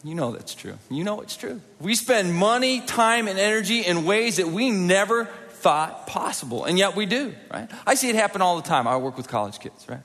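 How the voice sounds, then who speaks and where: Middle-aged male pastor, animated conversational sermon, slightly high voice, reverberant auditorium. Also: normal speed, few pauses. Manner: animated, conversational, with acted-out quotes and audience prompts. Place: large church auditorium.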